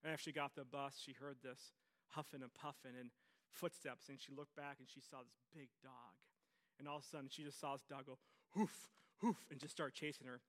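A man's voice: medium pitch, little pitch movement, brisk, bright, forceful tone. A man preaching a sermon as pastor, telling stories with energy and repeating his phrases for emphasis.

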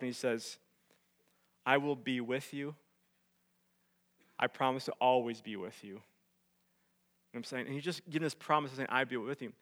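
A male pastor preaching, dropping to hushed tones and rising to loud emphatic peaks as he tells a story. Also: mid-range voice. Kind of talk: sermon.

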